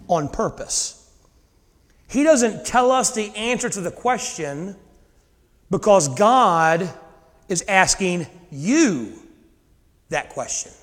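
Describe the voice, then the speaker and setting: A man preaching a sermon, reading scripture and paraphrasing it with lively voices. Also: high voice. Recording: long hall reverb.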